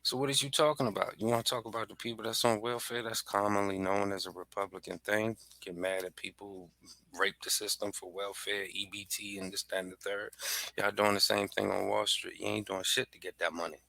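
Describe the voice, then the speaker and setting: A man's voice: on the low side, steady tone, brisk, creaky, bright, forceful tone. A man hosting a podcast, delivering a heated, profane, fired-up rant aimed straight at his listeners. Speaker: podcast host. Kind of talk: heated ranting monologue.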